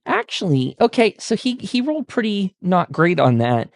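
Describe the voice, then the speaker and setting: A man narrating as game master of a tabletop game, relaxed with frequent fillers. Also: high voice, moderate pace, gravelly, dry recording, studio quality. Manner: relaxed, many fillers, laughs while describing.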